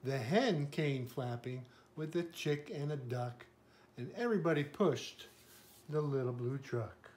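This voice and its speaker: An older man, a grandfather, reading a picture book aloud in a gentle way and pausing to point out the pictures. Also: medium pitch, lively intonation.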